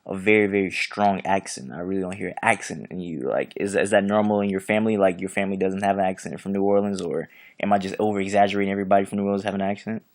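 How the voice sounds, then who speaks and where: A man's voice: low voice, fairly even intonation, racing, hardly any pauses, darkish tone. A man from Florida hosting a casual interview, eager and chatty, asking long rambling questions. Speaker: host.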